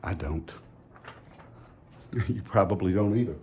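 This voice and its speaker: A man gives a folksy children's sermon at church, asking the kids playful questions. His low voice is unhurried and mellow, with slight background noise.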